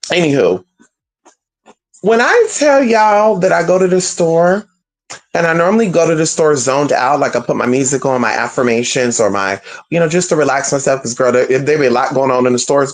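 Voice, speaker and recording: A spiritual vlogger telling a story to viewers in a casual, profane, slangy way, talking straight to "y'all". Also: medium pitch.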